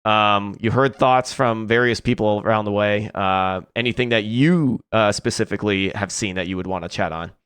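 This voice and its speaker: Brief: male esports caster, low, smooth and crisp, dry close mic, easygoing banter. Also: normal speed, hardly any pauses, fairly bright tone, no echo. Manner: casual, joking, frequent fillers. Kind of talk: live esports stream hosting.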